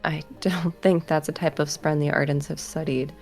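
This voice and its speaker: A woman with a low, gravelly voice narrating her character's moves in a tabletop game. She pauses often and fills the gaps with ums. Soft music plays faintly behind her. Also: fairly even intonation. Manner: hesitant, many ums. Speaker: player.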